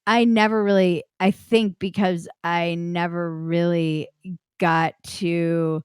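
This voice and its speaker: A woman's voice: fairly low pitch, flat delivery, slow, darkish tone, smooth, dry recording, clean studio sound. Frank woman telling a personal story. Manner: frank and blunt, loose with fillers like "like". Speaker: podcast guest.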